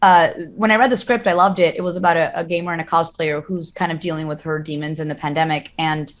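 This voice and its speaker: A Colombian-American woman voice actor chatting on a podcast, animated and jumping into quoted voices. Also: fast talker. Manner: animated, acts out quoted voices with big pitch jumps. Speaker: guest voice actor. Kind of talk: casual podcast chat.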